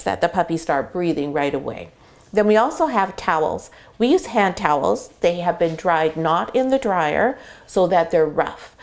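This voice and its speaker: A woman's voice: on the low side, darkish tone. A middle-aged woman, a dog breeder, explaining puppy care in a chatty, step-by-step way while sitting in a whelping box indoors. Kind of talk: casual explainer video.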